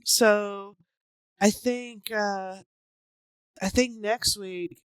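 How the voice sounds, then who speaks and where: A woman's voice: mid-range voice, steady tone, extremely slow, clear, resonant tone, no room sound. A woman hosting a podcast in loose, casual chat, full of fillers. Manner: loose, chatty, lots of fillers and laughs. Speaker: podcast host.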